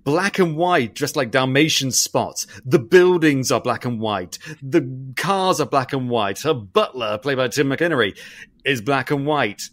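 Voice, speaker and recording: A man, co-hosting a podcast and talking through a film review in a long-winded, animated way, swearing casually. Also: mid-range voice, measured pace, no echo. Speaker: podcast co-host.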